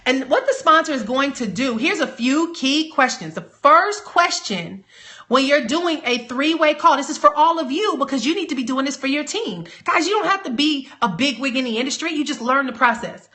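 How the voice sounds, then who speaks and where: A woman coaching network marketers in a live training talk, energetic and emphatic, rallying her audience. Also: high-pitched, normal speed.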